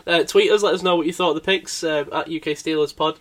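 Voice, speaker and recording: A man's voice: on the high side, normal speed, a bit bright. A man hosting a casual podcast chat, upbeat and teasing his co-host.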